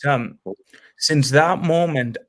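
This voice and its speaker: A man's voice: a little high, slow pace. A man hosting a podcast tells an earnest personal story, with many uh and um fillers. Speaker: podcast host. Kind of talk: casual interview chat.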